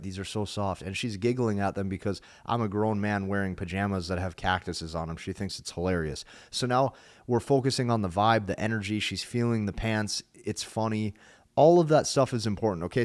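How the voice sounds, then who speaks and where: A young man giving dating advice in a lively, emphatic talk, acting out what he says on dates. His voice sits low. The sound is dry, with no room echo. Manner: energetic, emphatic, acts out his own lines. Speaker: dating coach. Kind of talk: instructional talk to camera.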